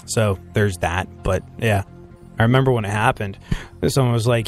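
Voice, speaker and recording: A man hosts a radio show in loose, comic banter, dropping into deadpan asides and then springing back up with mock enthusiasm. His voice sits at a middle pitch, with faint music underneath. He grew up between England and America, mostly in England. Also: a little fast. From England and America, mainly England. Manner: sarcastic, riffing, swings between playful highs and dry low asides. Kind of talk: casual comedic talk-radio banter.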